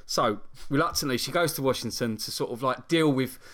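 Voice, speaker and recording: A man's voice: medium pitch, brisk, a bit bright. A man from Britain co-hosting a casual chat, teasing and rambling as he retells a TV plot. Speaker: podcast co-host. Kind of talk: casual chat, recapping a TV show.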